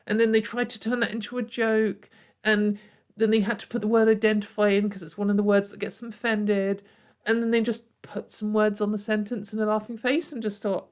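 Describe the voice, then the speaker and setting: A woman's voice: medium pitch, steady tone, fairly quick. A woman giving sarcastic, exasperated commentary and laughing often. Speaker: online commentator. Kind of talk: ranting commentary video.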